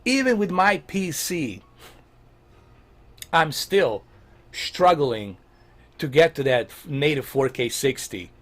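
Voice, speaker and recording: A man hosting a casual Q&A on tech and games, talking in a blunt, animated and profane way. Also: on the high side, slow pace, pauses often. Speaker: host answering viewer questions.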